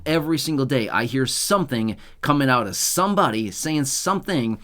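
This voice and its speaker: A man's voice: mid-range voice, expressive, fairly quick, a bit bright. A man hosting his own channel, explaining payment dates in a chatty way, with sarcastic asides and frequent tag questions. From United States. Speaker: channel host. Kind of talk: casual explainer monologue.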